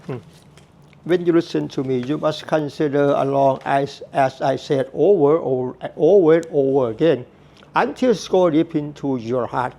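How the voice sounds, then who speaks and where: A man's voice: on the high side, moderate pace, creaky, dark tone. A man giving a Buddhist teaching talk, earnest and repetitive, with non-native phrasing. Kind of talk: slow spoken Dharma talk.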